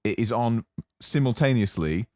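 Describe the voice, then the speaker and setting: A young adult man co-hosting a podcast, casually telling a long story with lots of fillers and animated asides. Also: medium pitch, normal speed, dry recording, clean studio sound. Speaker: podcast co-host. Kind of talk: casual chat.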